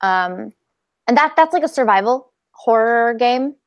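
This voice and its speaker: A woman's voice: fairly high pitch, animated, measured pace, no echo, muffled recording. A woman co-hosting a comedy podcast, hesitant with lots of ums, making dry jokes. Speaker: podcast co-host. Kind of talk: casual comedic chat.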